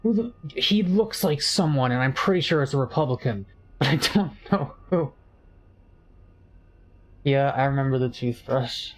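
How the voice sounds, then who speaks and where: A man's voice: mid-range voice, lively intonation, moderate pace, long pauses. A man streaming a game, chatting casually in a rambling, jokey way while he reads chat.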